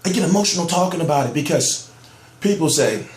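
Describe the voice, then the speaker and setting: A man rants about boxing in a heated, profane vlog, hammering his points home. His voice sits somewhat high and sounds amped up. The room around him echoes. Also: very animated, fairly quick, darkish tone. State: amped up on soda. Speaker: boxing news commentator. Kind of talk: ranting vlog commentary.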